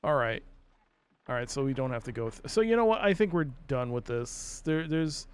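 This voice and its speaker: A man's voice: mid-range voice, sing-song, moderate pace, clear, resonant tone. A man streaming a puzzle game live, thinking aloud in a rambling, self-mocking way and chatting with viewers. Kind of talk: casual live-stream commentary.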